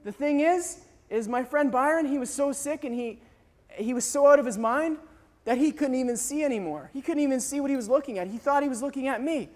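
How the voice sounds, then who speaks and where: A young man telling a dramatic story to an audience, acting out scenes with animated delivery. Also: very high voice, a little fast, big-room sound. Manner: animated, acts out scenes, sometimes shouts. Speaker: speaker telling a mission story.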